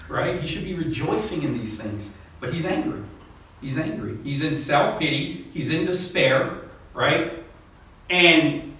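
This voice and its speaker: A man's voice: mid-range voice, pushed and bright, far from the mic. Preaching man in an echoey hall. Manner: preaching with emphatic rises, repeated "right?". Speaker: pastor. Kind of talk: sermon. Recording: echoey hall, speaker off-mic.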